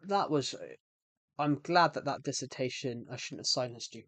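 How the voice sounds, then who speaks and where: A man's voice: mid-range voice, moderate pace, a bit bright, no room sound. A young man with a British accent who streams games, chatting casually in a rambling, self-correcting way. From United Kingdom. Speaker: game streamer. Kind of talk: casual live-stream chat.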